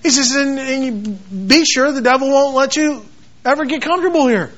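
Passionate high-voiced male preacher. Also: brisk, a bit bright. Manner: passionate, repetitive, quotes scripture in acted voices. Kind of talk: sermon. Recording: dull lo-fi sound.

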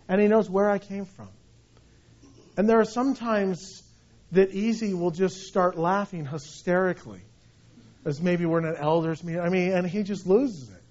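Middle-aged male pastor with a high voice, animated anecdotal preaching; muffled lo-fi recording. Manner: conversational, animated storytelling with restarts. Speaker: senior pastor. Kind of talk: sermon. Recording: dull lo-fi sound.

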